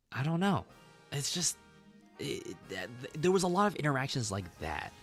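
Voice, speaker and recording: A man streaming a game while telling a long story in an animated, chatty way, laughing often, swearing, and leaning on lots of fillers. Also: lowish voice. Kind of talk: casual storytelling while gaming.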